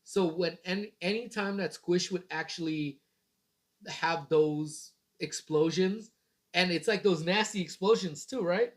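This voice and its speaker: A man's voice: high-pitched, a little slow. A man in his thirties hosting a casual morning livestream, rambling in a laid-back way and swearing casually. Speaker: livestream host.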